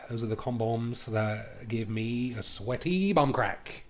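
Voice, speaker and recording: A man's voice: mid-range voice, a little slow, hardly any pauses. Playful man narrating card games. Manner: playful and crude, thinking aloud. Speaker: gaming video host. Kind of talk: live card game commentary.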